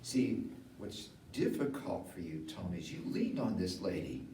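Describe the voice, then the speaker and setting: Low-voiced pastor in an echoey hall. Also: male voice, unhurried. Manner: conversational, rises to animated emphasis. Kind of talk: funeral sermon. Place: funeral home chapel. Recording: echoey room from far off, faint hiss.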